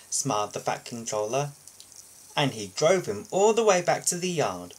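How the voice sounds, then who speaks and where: Husky man reading a storybook aloud. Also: medium pitch, moderate pace. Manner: steady storytelling with small slips and restarts. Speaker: storybook reader and video host.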